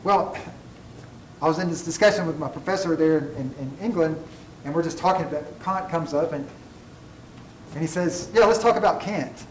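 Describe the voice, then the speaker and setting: A man lectures on ethics to a classroom, wandering into tangents and making fun of himself along the way. His fairly high voice carries through an echoey room, picked up by a mic set well back. A faint hum of room noise sits underneath. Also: normal speed, a little mellow, far from the mic. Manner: digressive, self-deprecating humor. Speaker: college ethics instructor.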